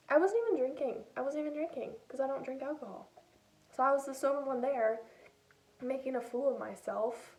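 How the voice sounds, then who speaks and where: A woman's voice: high-pitched, moderate pace, darkish tone, roomy sound. A young woman vlogger telling her own stories in a chatty, self-deprecating way, acting out what she said. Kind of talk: casual storytelling. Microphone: old phone. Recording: distant phone mic.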